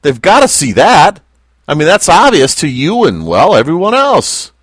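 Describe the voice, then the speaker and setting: Man, Bible teacher, lively pitch, deliberate pace, asks the class questions, dry close sound. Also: no echo. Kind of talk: Bible teaching to a small group.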